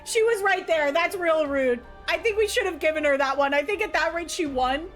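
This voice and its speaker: A woman streaming a video game, chatting casually with her viewers, laughing often and breaking into loud playful outbursts. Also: high-pitched, fairly quick, faint music behind. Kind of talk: casual livestream gameplay commentary.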